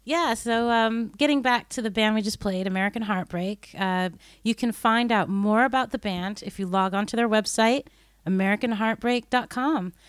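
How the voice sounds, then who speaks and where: A woman's voice: a little high, clear, resonant tone, dry recording, clean studio sound. Chatty woman hosting a music podcast. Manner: chatty, giggly, reads web addresses slowly. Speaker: podcast host. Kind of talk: casual podcast chat with promo reads.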